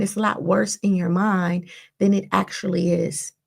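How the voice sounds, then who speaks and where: A woman with a gravelly, creaky voice at a middle pitch, talking listeners through a self-help lesson like a therapist. She keeps checking in with "right?" and "all right?" as she explains. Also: steady tone, normal speed. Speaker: therapist and podcast host. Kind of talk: motivational self-help talk.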